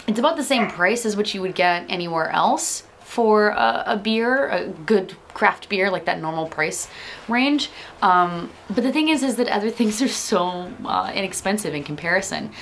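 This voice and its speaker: A woman's voice: lowish voice, a bit bright, slight background noise. A woman vlogger talking frankly and casually to her camera, with lots of ums and likes. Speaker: beer vlogger.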